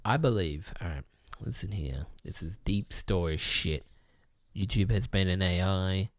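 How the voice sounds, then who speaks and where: A man's voice: low voice, a little slow, dry recording, clean studio sound. A man hosting a gaming channel, rambling through a profane casual rant to the camera with many restarts. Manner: mocks others with put-on quoted voices.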